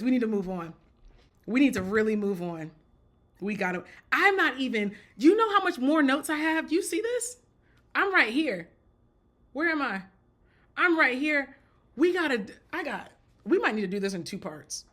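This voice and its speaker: A woman's voice: fairly high pitch, lively intonation, normal speed, bright, forceful tone. A woman giving casual spoken commentary in a blunt, joking way, often repeating herself and breaking into laughter. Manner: repeats and restarts phrases.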